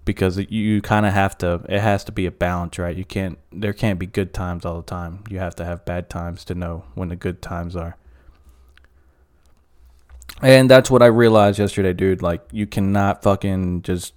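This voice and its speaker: Guy ranting on his own podcast, swears a lot, rambles, kinda low voice, smooth sound. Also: fairly even intonation, moderate pace, a little mellow. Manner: profane, rambling, frequent fillers. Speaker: podcast host. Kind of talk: casual solo podcast rant.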